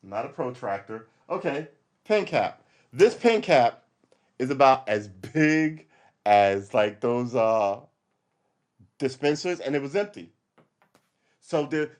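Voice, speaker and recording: A man hosting a casual live-stream podcast, ranting in a rambling, wry way that wanders off on tangents. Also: mid-range voice. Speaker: podcast host.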